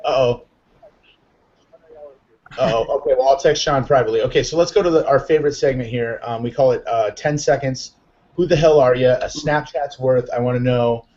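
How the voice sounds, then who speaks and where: A man hosting a live online chat show, excitable and upbeat, rambling with lots of fillers. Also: mid-range voice, moderate pace, highs cut off. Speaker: host.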